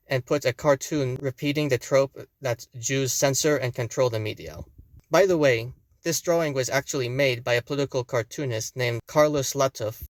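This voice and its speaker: A man's voice: mid-range voice, no room sound. A young man giving scripted commentary, pointed and with sarcastic asides. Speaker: video commentator.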